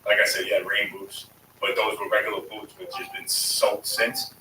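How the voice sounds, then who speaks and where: Profane, blunt, bright-voiced man. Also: fairly low pitch, huge pitch swings, normal speed, far from the mic. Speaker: guest, former sanitation worker. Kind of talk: casual storytelling. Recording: echoey room, voice off-mic, faint room noise.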